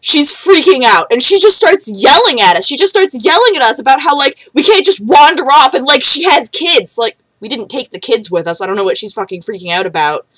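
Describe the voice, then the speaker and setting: A woman's voice: high-pitched, animated, brisk, hardly any pauses, fairly bright tone, no echo, low-quality recording. A young woman telling a rambling story to camera, with many fillers and frequent swearing. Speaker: vlogger. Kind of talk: casual storytelling.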